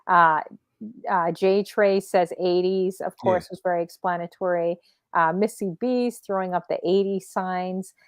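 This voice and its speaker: A woman's voice: on the low side, steady tone, unhurried, clear, resonant tone, no echo. Chatty woman host, dry close sound. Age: 40s. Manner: chatty, reads out viewer comments, laughs often. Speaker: talk show host and DJ. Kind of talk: casual livestream chat.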